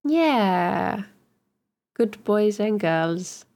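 A woman's voice: mid-range voice, animated, extremely slow, a little mellow. A woman from Hertfordshire, co-hosting a podcast and rambling through stories with lots of giggles. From Hertfordshire, England. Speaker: podcast co-host. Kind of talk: casual chat.

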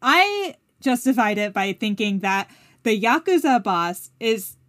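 A woman co-hosting a casual podcast, chatty and quick to laugh. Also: on the high side, sing-song, fairly bright tone, no echo. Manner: chatty, laughing, self-correcting. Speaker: podcast co-host. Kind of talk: casual recap chat.

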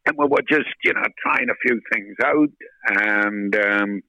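An older man, telling a lively anecdote as an interview guest, swearing freely and acting out the voices in his story. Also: on the low side, unhurried, no room sound, lo-fi sound. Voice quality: gravelly, husky. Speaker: guest, rock singer.

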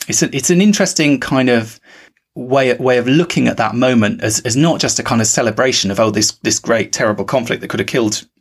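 A man's voice: mid-range voice, a little fast, husky. A man with a British accent hosting a podcast, talking things through thoughtfully with frequent fillers. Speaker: podcast host. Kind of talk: casual podcast discussion.

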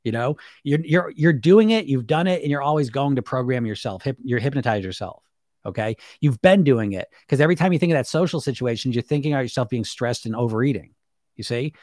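Man, weight-loss hypnosis coach, blunt, emphatic, rhetorical questions, mid-pitched, dry sound. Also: expressive, fairly quick, a little mellow, no echo. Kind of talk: motivational monologue to viewers.

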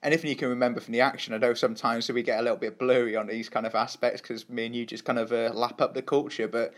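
A man's voice: mid-range voice, steady tone, fast. Chill podcast host guy, asks loose rambly questions. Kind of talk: casual podcast chat.

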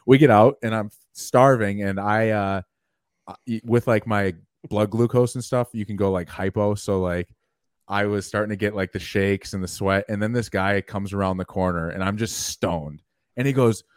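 Laid-back low-voiced man telling stories. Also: normal speed, dry recording, studio quality. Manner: rambling, laid-back, many "like"s. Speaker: podcast co-host. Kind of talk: casual storytelling.

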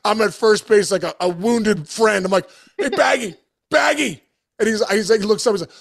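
A middle-aged man, a former ballplayer, telling an animated locker-room story in casual podcast chat, peppered with "dude.". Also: sits high, brisk. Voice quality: gravelly, animated, swears and says dude.

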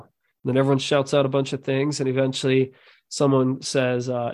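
A man's voice: medium pitch, fairly even intonation, moderate pace, gravelly, darkish tone. A man hosting a podcast who affirms his guest and shares stories from his work as a leadership speaker. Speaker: podcast host. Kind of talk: casual podcast conversation.

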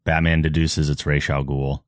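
A man chatting casually about a comic, relaxed and agreeable. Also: extremely low pitch, moderate pace, clear, resonant tone, dry recording, studio quality. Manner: relaxed, brief agreeing replies. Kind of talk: casual chat.

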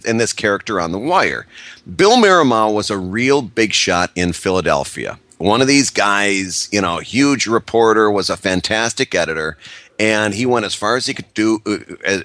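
A man with a low but bright voice, explaining things in a rambling way full of restarts. The sound is dry and close, with no room echo. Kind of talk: casual chat, explaining background.

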